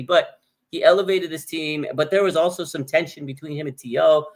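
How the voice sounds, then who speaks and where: A middle-aged man co-hosting a sports talk show, chatting in a relaxed, agreeable way. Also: fairly high pitch, a little fast.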